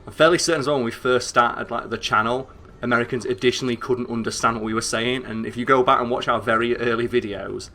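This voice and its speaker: A young man with a northern English accent, chatting excitably and swearing as he streams a game, rambling with lots of fillers. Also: medium pitch, fast, few pauses, slight background noise. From northern England. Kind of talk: casual gameplay commentary.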